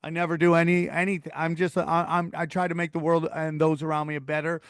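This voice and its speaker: A man's voice: fairly high pitch, level tone, fast talker, smooth, no echo, clean studio sound. A man hosting a podcast in casual chat, talking in an earnest, rambling way. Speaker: podcast host.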